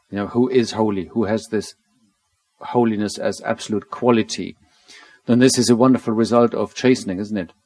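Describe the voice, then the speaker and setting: A man takes part in a Bible study discussion, his voice fairly low and the sound dry and close. He talks in a reflective, gently persuasive way and often rounds off his points with a question. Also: no echo, low-quality recording.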